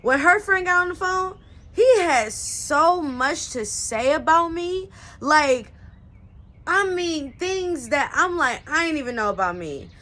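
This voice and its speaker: A young woman vlogger tells a personal story in a casual, slangy way, peppered with "like" and "you know what I'm saying." Her voice sits high and sounds bright, expressive and forceful, and she speaks slowly.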